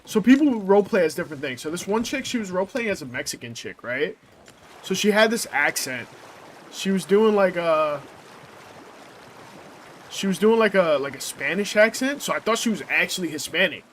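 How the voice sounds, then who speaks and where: A man's voice: sits high, animated, normal speed, a bit bright, slight background noise. A young man chatting casually while streaming a game, rambling and swearing, with lots of filler words. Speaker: gameplay streamer. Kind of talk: casual chat while playing.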